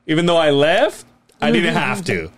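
A man's voice: on the high side, wildly swooping pitch, normal speed, fairly bright tone, a little hiss or hum. A man in his late thirties hosting a podcast, telling a long, rambling story in casual chat and swearing freely. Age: late 30s. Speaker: podcast host.

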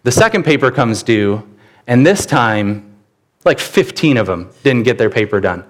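Speaking at normal speed with lively intonation, this middle-aged man uses a mid-range voice to preach as a pastor. His sermon unfolds as storytelling, and he performs the characters' quoted voices.

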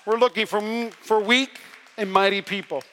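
Male pastor, high bright voice, energetic storyteller with a joking, self-deprecating streak, preaching a sermon in a big reverberant hall. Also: moderate pace, a little hiss or hum. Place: large church hall. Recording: long reverb of a large hall.

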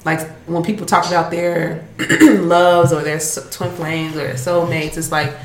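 Low-voiced woman in an echoey room. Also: fairly even intonation, a little slow. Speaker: podcast co-host. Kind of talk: casual chat. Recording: roomy echo with faint noise.

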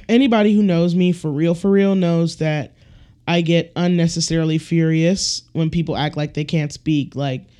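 A man ranting on his own podcast, blunt and foul-mouthed, in a voice that sits a little high for a man yet sounds dark and mellow. He slips into other people's voices when he quotes them. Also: steady tone, normal speed, smooth. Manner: acts out quoted people with shifts in voice. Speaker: podcast host. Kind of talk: casual solo podcast rant.

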